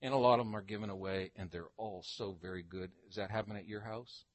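An older man preaching a Bible-teaching sermon, emphatic, slowing down to read scripture aloud. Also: lowish voice, no echo.

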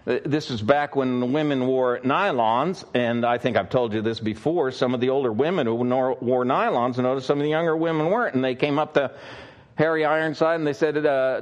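A man's voice: mid-range voice, moderate pace. A male pastor preaching a sermon, telling stories conversationally with frequent fillers.

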